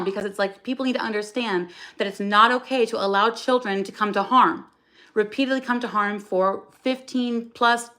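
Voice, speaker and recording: A woman's voice: a little high, a bit bright. A woman hosting a livestream from her phone, talking in a raw, blunt and profane way, with frequent restarts. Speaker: livestream host. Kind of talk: emotional livestream monologue.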